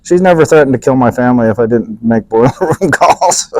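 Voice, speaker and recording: A man's voice: mid-range voice, animated, fairly quick, a little mellow, dry recording, poor audio. A man co-hosting a podcast, chatting casually, joking and swearing freely. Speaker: podcast co-host. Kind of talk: casual chat.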